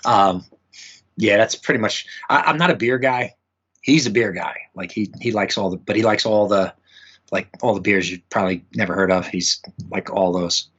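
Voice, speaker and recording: Casual male musician guest, slightly low voice, halting and rambling delivery, muffled home recording. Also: a bit bright, husky. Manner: rambling, many fillers and restarts. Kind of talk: casual interview chat. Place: home room with memorabilia.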